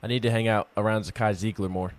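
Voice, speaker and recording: A man's voice: on the low side, fairly even intonation, fast, dry recording. A man co-hosting a casual sports talk show, stuttering on word starts as he works up his opinions.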